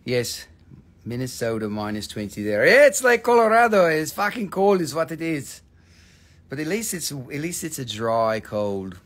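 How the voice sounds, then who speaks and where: A man's voice: on the high side, sing-song, normal speed, fairly bright tone. A man casually hosting a live mineral sales stream, swearing and joking as he rambles. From Appalachian Valley, USA.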